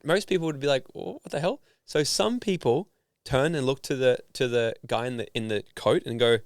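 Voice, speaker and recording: Animated storytelling man, dry close sound. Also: medium pitch, normal speed, dry recording. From Australia. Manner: animated, acts out voices in his stories. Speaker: guest, personal development founder. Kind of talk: casual storytelling in an interview.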